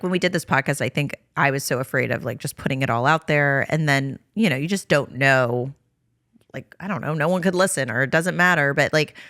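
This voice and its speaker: A young woman with a low yet bright, forceful voice talks loosely as a podcast co-host, filling her sentences with "like" and "you know". The sound is dry and close, with almost no room around her. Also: no room sound. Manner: rambling, many fillers like "like" and "you know". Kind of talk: casual chat.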